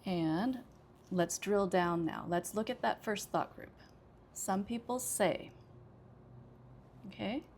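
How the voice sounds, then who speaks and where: A woman's voice: mid-range voice, measured pace, darkish tone, a little hiss or hum. An American woman teaching English pronunciation, explaining sentence stress step by step and repeating example sentences with careful emphasis.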